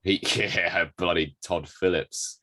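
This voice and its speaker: A man's voice: sits low, steady tone, slow pace, pushed and bright, no room sound. A young man from England, co-hosting a podcast in joking, self-deprecating chat while ill with covid. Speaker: podcast co-host. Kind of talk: casual chat.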